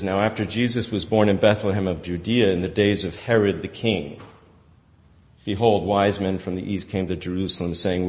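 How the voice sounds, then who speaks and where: A man preaching a sermon as a pastor, telling the story in an animated way and often breaking into laughter. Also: on the low side. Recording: long hall reverb.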